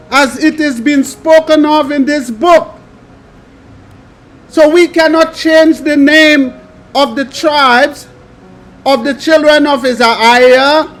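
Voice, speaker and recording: A man preaching, reading scripture aloud and adding emphatic commentary in a slow, drawn-out delivery. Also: very high-pitched.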